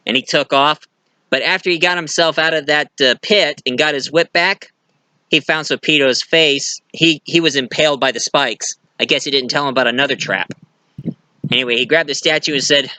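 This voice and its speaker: Bright-voiced chatty male movie reviewer. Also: mid-range voice, moderate pace, dry recording. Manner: rambling, chatty, many restarts, laughs at own jokes. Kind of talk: casual film review monologue.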